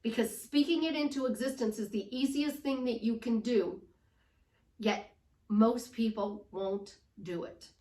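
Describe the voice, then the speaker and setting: A woman's voice: on the high side, a little slow, warm tone, roomy sound, recorded from a distance. A woman life coach giving an upbeat, emphatic motivational talk. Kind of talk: motivational vlog monologue.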